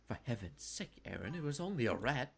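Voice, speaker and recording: A man's voice: medium pitch, big pitch swings, brisk, husky. A man voicing a stern, formal middle-aged mother in a game who scolds her son primly. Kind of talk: voicing characters in a game stream.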